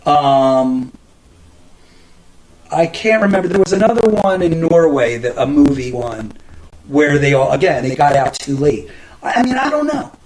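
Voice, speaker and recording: A man's voice: fairly high pitch, expressive, unhurried, a loud crowd, low-quality recording. A middle-aged man hosting a podcast, telling rambling stories in casual chat, cursing often and restarting his sentences. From New Jersey. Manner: rambling, profane, many restarts and fillers. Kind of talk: casual storytelling monologue.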